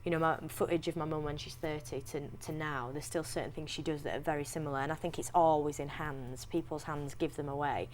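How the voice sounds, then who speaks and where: A young woman with a Yorkshire accent, chatting in an interview as an actress, talking freely with restarts and quick laughs. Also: sits low, steady tone, a little mellow. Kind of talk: casual interview chat.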